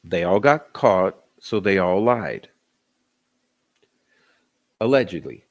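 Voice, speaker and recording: A man's voice: sits low, lively intonation, slow. A man hosting a commentary channel, ranting in a blunt, sarcastic, profane way.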